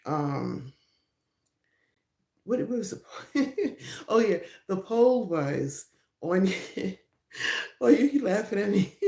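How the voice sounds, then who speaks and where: A woman's voice: medium pitch, warm tone. A middle-aged woman hosting a casual live stream on her phone, chatting loosely with viewers and laughing often. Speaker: livestream host. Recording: roomy echo.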